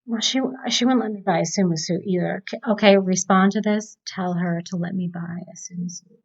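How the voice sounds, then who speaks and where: A woman's voice: mid-range voice, fairly even intonation, fairly quick, gravelly, darkish tone. Chatty woman co-host with a mid-range voice, keeps the chat moving, muffled home mic. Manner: chatty, steers the conversation. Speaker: podcast co-host. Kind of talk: casual movie review chat.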